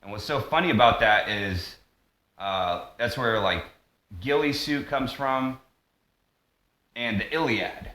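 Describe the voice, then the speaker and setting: A man's voice: medium pitch, animated, slow, long pauses, pushed and bright. A man rambling through a monologue vlog, jumping between tangents with lots of fillers and restarts. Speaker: vlogger. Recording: echoey room.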